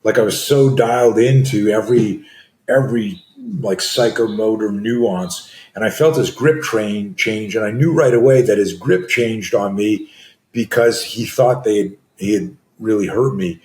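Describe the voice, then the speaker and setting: Animated man in his sixties. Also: lowish voice, unhurried. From Canada. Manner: animated, acts out scenes with screams and gasps. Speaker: guest, self-defense coach. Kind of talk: storytelling in a conversation. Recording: roomy echo.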